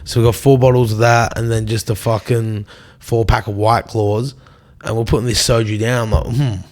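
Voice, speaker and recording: This is a young Australian man talking casually on a podcast. He spins a rowdy story and curses often. He slips into quick impressions of his friends along the way. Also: lowish voice, flat delivery, darkish tone. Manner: swears a lot, acts out quotes. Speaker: guest.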